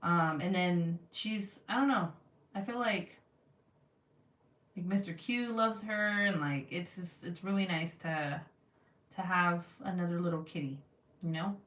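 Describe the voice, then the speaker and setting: A woman vlogging in a casual, rambling chat, full of fillers, who gets animated when she quotes people. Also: lowish voice, unhurried. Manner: chatty, lots of fillers, animated when quoting others. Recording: echoey room, voice a bit far from mic.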